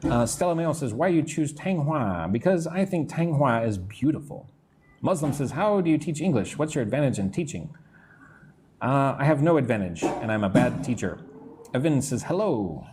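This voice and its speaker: A man teaching English on a live stream, reading out viewer comments and answering them in a casual, self-deprecating way, slowing down to model pronunciation. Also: medium pitch, big pitch swings, darkish tone, slight background noise.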